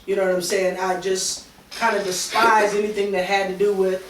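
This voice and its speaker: A woman's voice: mid-range voice, flat delivery, moderate pace, slight background noise. Middle-aged woman, talk panelist, heartfelt confessional storytelling, off-mic in a roomy space. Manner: emotional, candid, many fillers and restarts. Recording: roomy sound from a distance.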